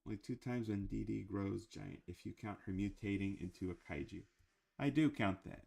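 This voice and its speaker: A man's voice: on the low side, normal speed, vocal fry, mellow, husky. A man talking casually about cartoons in a rambling, chatty way with frequent fillers. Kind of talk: casual chat.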